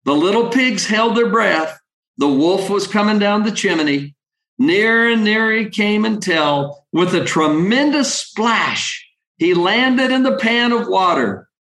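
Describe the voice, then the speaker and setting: A man reading a children's story slowly and deliberately, then giving a motivational leadership talk. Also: high-pitched, lively intonation, a bit bright, reverberant, rough recording. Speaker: leadership speaker.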